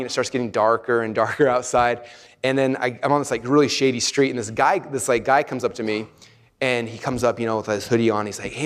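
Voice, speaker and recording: A middle-aged man casually telling a personal story to an audience, animated, laughing often and quoting himself. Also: medium pitch.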